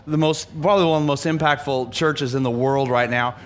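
A man's voice: mid-range voice, fairly quick. A man pastoring a church, energetically leading his congregation from the platform before introducing a guest speaker. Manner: energetic, rallies the congregation to read aloud.

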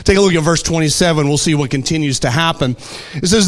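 A man preaching a sermon, telling stories with animated delivery and acting out voices. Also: a little high, quick pace. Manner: animated storytelling, acts out voices. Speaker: pastor.

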